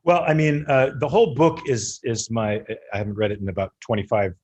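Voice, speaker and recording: A man who is a guest on a podcast, talking in a relaxed, teasing way. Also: mid-range voice, fairly quick, breathy edge, highs cut off. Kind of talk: casual podcast chat.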